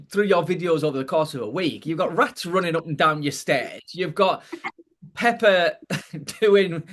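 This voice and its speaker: High-voiced man, rambling chat. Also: a bit bright. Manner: supportive, rambling, many restarts. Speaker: podcast co-host. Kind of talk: casual chat.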